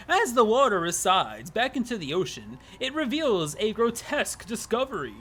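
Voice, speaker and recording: A man's voice: high-pitched, wildly swooping pitch, normal speed, a bit bright, a little hiss or hum, full character voice. A man doing a smug, well-spoken game narrator. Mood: ominous. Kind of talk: reading a game narrator aloud.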